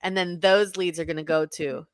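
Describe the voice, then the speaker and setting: A woman co-hosting a casual podcast, talking excitedly and often backtracking to correct herself. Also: lowish voice, moderate pace, smooth, no room sound. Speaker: podcast co-host.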